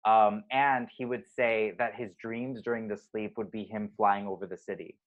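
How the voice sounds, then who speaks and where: A man's voice: on the low side, fairly even intonation, normal speed, phone-quality sound. A man co-hosting a podcast, telling family stories in casual chat with lots of fillers. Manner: chatty storytelling with many fillers. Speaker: podcast co-host.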